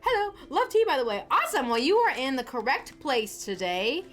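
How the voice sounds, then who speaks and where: A woman's voice: high voice, sing-song, a little fast, fairly bright tone, faint music behind. A woman hosting a casual livestream from a small home studio, chatting in a rambling way with frequent restarts and laughs. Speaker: livestream host. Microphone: desk camera mic.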